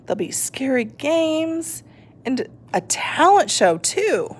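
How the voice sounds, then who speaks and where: Lady putting on a squeaky excited skeleton gal, super swoopy. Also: slow, full character voice. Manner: squealy, bouncy, exclaiming. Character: cheerful excitable female skeleton.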